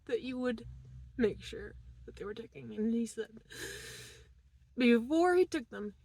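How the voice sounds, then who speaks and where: Upset woman talking real slow to camera, halting and emotional, kinda high voice. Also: animated, no room sound. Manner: halting, emotional, drifting between quiet murmurs and shaky laughter. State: distressed. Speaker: vlogger. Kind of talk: personal vlog monologue.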